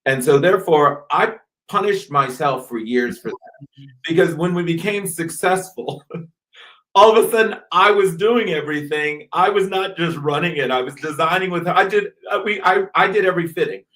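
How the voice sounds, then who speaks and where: A man's voice: on the high side, moderate pace. A man from the American South, a fashion designer who is a guest on a radio interview and tells stories animatedly, often restarting his sentences. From US South, North Carolina. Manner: animated storytelling with many restarts.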